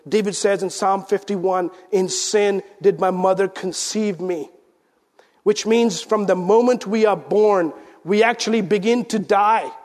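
A man preaching a sermon as pastor, swinging between loud emphasis and hushed, intense lines. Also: high-pitched. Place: church sanctuary. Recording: church sanctuary with long reverb.

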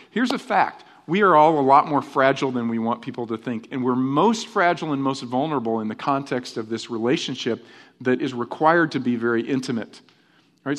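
A middle-aged male pastor delivers a lively, conversational sermon. His voice sits at an ordinary pitch, and he keeps checking in with the congregation through quick rhetorical asides. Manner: animated, conversational, rhetorical "right?" tags.

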